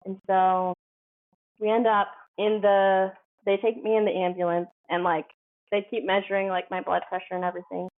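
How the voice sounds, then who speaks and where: A woman's voice: mid-range voice, flat delivery, normal speed. A woman guest telling her story casually, full of "like" and acted-out quotes. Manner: chatty, heavy use of "like", acts out quoted dialogue. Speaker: podcast guest. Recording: phone-like narrow band.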